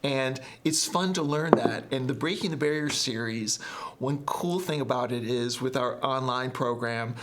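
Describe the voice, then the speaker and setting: Middle-aged guy guest on a podcast, upbeat, acts out little phrases, mid pitch. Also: moderate pace, fairly bright tone, slight background noise. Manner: enthusiastic, acts out example phrases. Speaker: guest, language textbook author. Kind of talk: conversational podcast interview.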